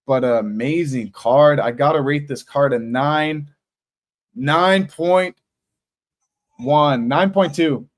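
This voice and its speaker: Casting: male streamer, slightly higher voice, loose excitable fight reactions, repeats lines. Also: slow pace, long pauses. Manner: excited, emotional, repeats himself. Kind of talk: casual live reaction commentary. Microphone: streaming setup mic.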